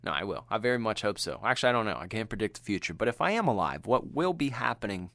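A man co-hosting a casual podcast chat, animated and often laughing, acting out the people he tells about. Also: fairly low pitch, fast talker, vocal fry, dry recording. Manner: animated, laughing, acts out quoted voices. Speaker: podcast co-host.

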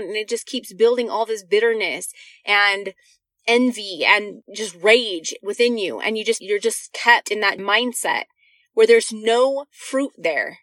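A woman's voice: a little high, a bit bright, no room sound. A woman giving an earnest devotional talk to women, reading scripture verses and speaking directly to her listeners with encouragement.

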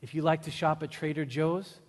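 A man's voice: a little high, steady tone, moderate pace. A man preaching an emphatic, humorous sermon in a church hall. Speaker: pastor. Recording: long reverb of a large hall.

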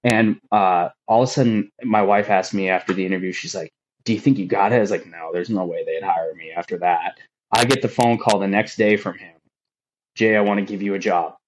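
A man's voice: on the low side, slight background noise, poor audio. A man, a firefighter, telling his own story on a podcast in an earnest, rambling way with many fillers. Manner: earnest, rambling, emotional retelling with lots of fillers. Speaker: firefighter guest.

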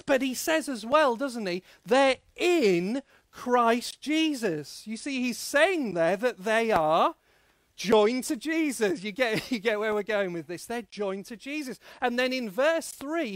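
A pastor in full flow, preaching an energetic all-age sermon and calling on the congregation to join in. His voice sits high for a man, and it sounds dry and close to the mic. He draws out the key phrases for emphasis. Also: dry recording. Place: church service.

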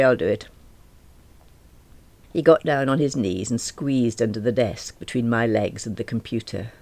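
A woman's voice: a bass voice, gravelly, a little mellow, breathy edge. A middle-aged woman, reading a first-person audiobook in a wry, self-deprecating manner. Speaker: audiobook narrator.

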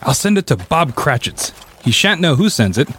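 A man's voice: fairly high pitch, very animated, normal speed, a bit bright, a little hiss or hum. A man playing an elderly reformed miser, exuberant and generous, in a dramatic story reading. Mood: giddy. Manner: exuberant, swooping delivery with mock-stern turns.

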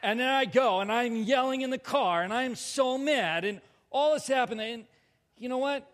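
A man preaching a personal testimony, animated and self-mocking, acting out his own lines. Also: very high-pitched, moderate pace. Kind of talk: storytelling sermon. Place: large hall before a live audience. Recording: long reverb of a large hall.

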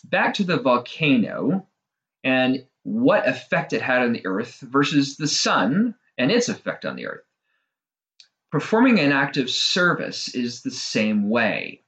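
A man's voice: medium pitch, sing-song, unhurried, a bit bright. A middle-aged man talking through a casual monologue, conversational and self-deprecating, with fillers and wry asides. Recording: dull lo-fi recording.

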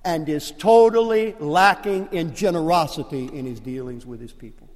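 Older Cajun pastor, high voice, preaching with rising passion in a hall with long reverb. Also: male voice, normal speed. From Louisiana, USA. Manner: impassioned preaching with wide swings from hushed to loud. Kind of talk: sermon.

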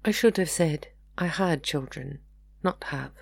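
A composed, gentle young mother speaks with proper period politeness, as a woman reads her part. The voice sits close and dry, with no room sound. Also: sits low, unhurried, vocal fry, dry recording, exaggerated voice. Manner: formal, polite period speech.

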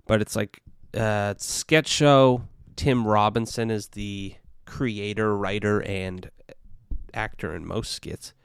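A man hosting a solo podcast, rambling in a casual, profane, animated way into a podcast microphone. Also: lowish voice, slow pace, vocal fry, clean tone, no room sound, studio quality. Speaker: podcast host.

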